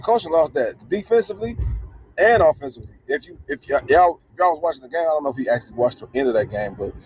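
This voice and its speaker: Man, heated sports banter, quick and lively, slightly high voice. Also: husky, no room sound, highs cut off. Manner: argumentative, emphatic.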